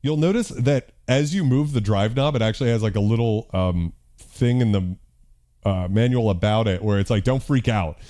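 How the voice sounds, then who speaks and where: Mellow-voiced man casually demoing synths. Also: fairly low pitch, normal speed, faint music behind. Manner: loose, profane, self-deprecating, thinking aloud with fillers. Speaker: host demonstrating synthesizers. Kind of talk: casual live-stream demo.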